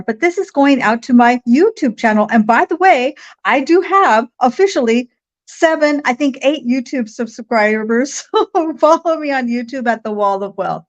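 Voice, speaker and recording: A bubbly woman hosts a live online show, her voice pitched a bit high and full of laughter. The sound is somewhat dull and lo-fi, like a muffled stream. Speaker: host. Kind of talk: enthusiastic livestream chat.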